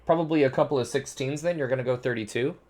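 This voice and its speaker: A young man streams a flight sim, talking fast at a medium pitch. He's relaxed and chatty, swearing now and then and saying "dude" a lot.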